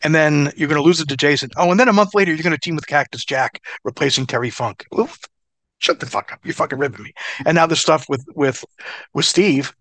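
A man's voice: on the high side, brisk, dry recording. Profane middle-aged man telling stories. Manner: profane, laughing, animated storyteller. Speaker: interview guest, former wrestler. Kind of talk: casual storytelling.

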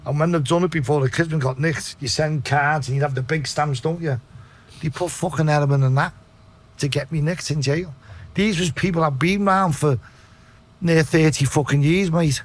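A middle-aged man with a Liverpool accent, telling his story in a blunt, sweary interview. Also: normal speed. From Liverpool, England. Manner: blunt, sweary, low-voiced retelling. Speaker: podcast guest.

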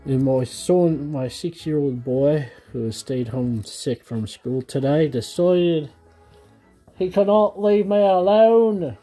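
This man, in his thirties, opens trading card packs while chatting casually with viewers at home and gushes with excitement over each card. He talks slowly in a fairly high voice, and faint music plays behind him.

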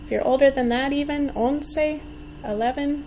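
A woman in her forties, a teacher giving a patient Spanish lesson for young children, modeling words slowly and encouraging them to repeat. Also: high-pitched, steady tone, mellow, dull audio, slight background noise. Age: 40s. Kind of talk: slow, clearly enunciated language lesson.

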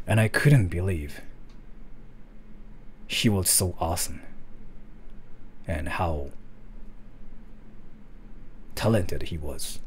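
A man voicing a solemn, persuasive speaker in a deep, hushed, earnest tone. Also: slight background noise. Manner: slow, earnest, grave.

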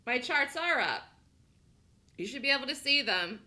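Bright, lively woman calling trades live. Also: sits high, normal speed. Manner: chatty, laughs often, thinks aloud. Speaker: day trading room host. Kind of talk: live trading commentary.

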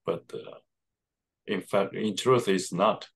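Slow, gravelly-voiced man. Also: fairly low pitch. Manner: slow, hesitant, reflective, frequent yeahs. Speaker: show co-host. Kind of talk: conversational interview.

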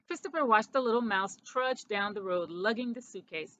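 A woman reading a storybook aloud to children, expressive, with small slips. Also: medium pitch, normal speed, hardly any pauses. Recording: dull lo-fi recording.

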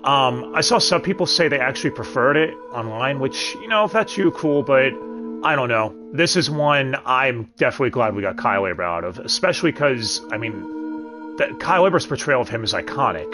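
A man's voice: mid-range voice, expressive, fairly quick. A man hosting a casual review show, talking in a chatty way with joking asides. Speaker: host. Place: home streaming setup. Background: background music.

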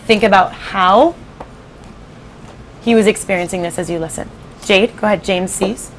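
A woman teaching fifth graders in a classroom, giving clear directions and prompting students for answers. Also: mid-range voice, moderate pace, a little hiss or hum, poor audio. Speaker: 5th grade writing teacher. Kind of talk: classroom teaching and read-aloud.

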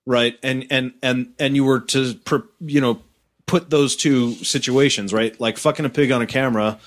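A man's voice: mid-range voice, fairly even intonation, normal speed. A man co-hosting a casual podcast, thinking aloud with lots of restarts and repeated words. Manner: hesitant, repeats words while reasoning. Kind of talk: casual debate chat.

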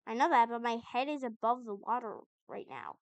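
A woman's voice: on the high side, fairly quick, no echo, highs cut off. A woman giving chatty let's-play commentary, puzzled and talking back to the game as she plays. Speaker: gamer.

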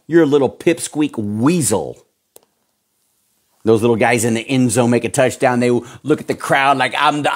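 A male pastor delivers a fiery sermon, his voice swinging widely from low, grumbling asides to high, strained shouts. His pitch is very lively, and his folksy slang keeps him sounding blunt and direct. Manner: folksy slang, calls listeners pal and folks.

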